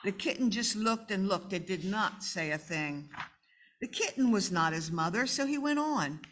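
Lady reading a kids' story out loud at a live event, animated, chats with the kids, bright clear voice. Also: medium pitch, normal speed, a little hiss or hum. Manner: animated, talks to the audience. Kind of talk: live read-aloud for children. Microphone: microphone.

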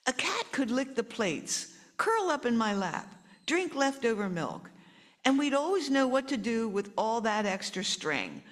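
Storybook little girl, eager and coaxing, voiced by a woman reading aloud, lilting a bit higher than a plain voice. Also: big pitch swings, measured pace, big-room sound. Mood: pleading.

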